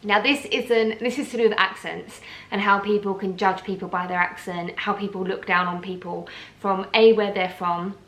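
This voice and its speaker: A woman's voice: mid-range voice, fairly even intonation, moderate pace, few pauses, fairly bright tone. Ranting Essex woman in an echoey room. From England, Essex. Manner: heated, talks in bursts with restarts. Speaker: vlogger. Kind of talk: casual rant to camera.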